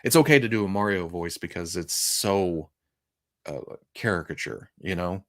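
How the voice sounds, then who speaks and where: A man with a Southern US accent hosts a live show and talks loosely with his chat. His voice sits on the low side. He rambles and chuckles often, poking fun at himself. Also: normal speed. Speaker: podcast host. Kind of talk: casual livestream chat with viewers.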